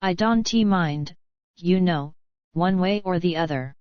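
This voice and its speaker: A woman reading an audiobook, voicing a cool Englishman who speaks quietly, curtly and sardonically. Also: lowish voice, slow, clear, resonant tone, no echo. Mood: sardonic. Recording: dry, dull lo-fi recording.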